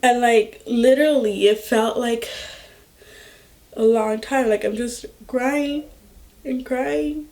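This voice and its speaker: A young woman vlogger telling a personal story in a slow, halting way, full of filler words. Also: fairly high pitch, steady tone, a little mellow. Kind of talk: storytime vlog.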